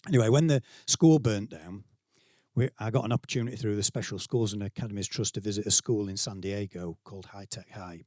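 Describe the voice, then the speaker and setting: Brief: middle-aged Yorkshire man at a conference, chatty keynote storyteller, lower voice, dry close sound. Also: a little fast, darkish tone, no echo. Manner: conversational, self-deprecating, acts out quotes. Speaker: keynote speaker, school leader. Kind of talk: conference talk, anecdotal storytelling. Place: conference venue, speaking to staff.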